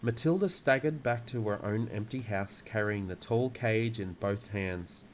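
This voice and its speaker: Calm low-voiced man reading a storybook. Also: measured pace, a little hiss or hum, rough recording. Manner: calm, relaxing delivery. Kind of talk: reading a children's book aloud.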